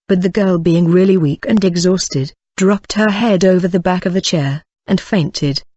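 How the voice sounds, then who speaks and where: Steady audiobook narrator, muffled dry sound. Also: medium pitch, no echo. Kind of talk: audiobook narration of a classic novel.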